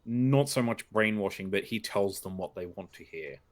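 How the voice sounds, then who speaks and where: A man's voice: fairly low pitch, lively intonation, moderate pace, close to an everyday voice. A man playing an earnest, hesitant adventurer. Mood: uneasy. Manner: hesitant, full of ums and uhs. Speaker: player. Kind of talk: in-character tabletop role-play.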